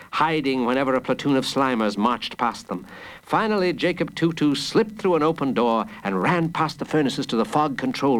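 Expressive man reading a storybook. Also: medium pitch, rough recording. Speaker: narrator. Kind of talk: storybook read-aloud.

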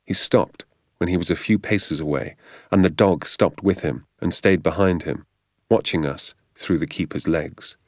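A man reads a storybook aloud in a measured, even manner, voicing each character's lines himself. His voice is deep and sits close to the mic in a dry, deadened recording. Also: no echo. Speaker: narrator. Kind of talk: storybook audiobook reading.

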